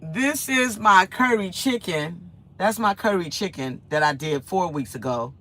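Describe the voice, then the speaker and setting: Animated woman telling a story. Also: lowish voice, measured pace. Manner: animated, rambling storytelling with repeated phrases. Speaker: vlogger. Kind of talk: casual chat to viewers.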